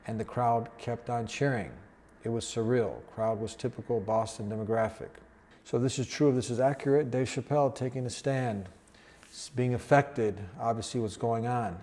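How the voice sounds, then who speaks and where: A man's voice: mid-range voice, mellow, a little hiss or hum. Earnest man commenting on news clips. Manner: earnest, preaching tone. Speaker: host.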